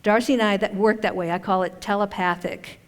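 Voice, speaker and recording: A woman's voice: medium pitch, fairly even intonation, brisk. A woman giving a chatty, conversational talk at a conference, with self-deprecating humor. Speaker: conference speaker and author. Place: conference hall stage. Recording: long hall reverb.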